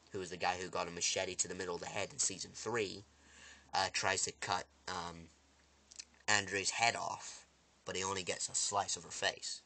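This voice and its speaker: A man excitedly recapping a TV episode in a casual vlog, rambling with restarts and acting out characters' lines. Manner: animated storyteller, acts out lines with big loud jumps in pitch; rambling, many restarts and fillers.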